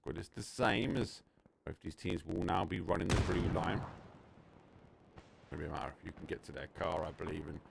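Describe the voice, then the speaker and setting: A man with an Essex accent casting live play-by-play commentary on an esports match, moving quickly between calm calling and excited bursts. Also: sits low, creaky, background noise. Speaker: esports caster. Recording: game gunfire under the voice. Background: in-game gunshots and explosions.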